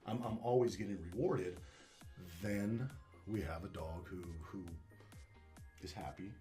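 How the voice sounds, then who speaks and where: Brief: low-pitched male dog trainer, animated and blunt, casual interview, faint background music. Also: measured pace. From Northwest Arkansas. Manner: animated storytelling, acts out dog and owner with swearing.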